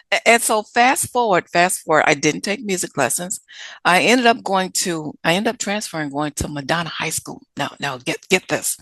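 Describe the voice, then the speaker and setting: Gravelly, animated woman telling stories. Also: on the low side, moderate pace, no echo. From Chicago. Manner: animated, acts out quoted people. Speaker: guest. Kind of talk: storytelling interview answers.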